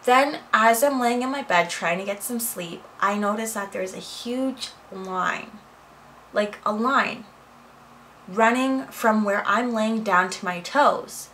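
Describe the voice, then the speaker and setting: A woman's voice: medium pitch, takes it slowly, a little hiss or hum, rough recording. Chatty woman telling a home story. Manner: animated, chatty retelling with quoted dialogue. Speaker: vlogger. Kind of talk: casual storytime vlog. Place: home office.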